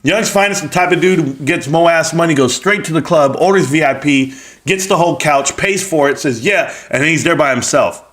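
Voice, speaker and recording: A man's voice: on the high side, a little fast, a bit bright. A man hosting a live stream, chatting casually and reading viewer comments aloud with joking banter and frequent laughs.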